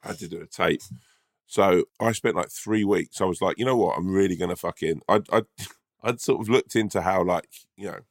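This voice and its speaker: A man co-hosting a podcast in a relaxed, chatty way. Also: low voice, fairly quick, no room sound, studio quality. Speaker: podcast co-host. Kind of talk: casual chat.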